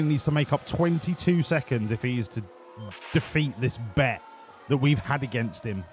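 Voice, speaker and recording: A man's voice: medium pitch, normal speed, darkish tone, slight background noise. A man commentating his game livestream, joking and swearing as he banters with his chat. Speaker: streamer. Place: home room.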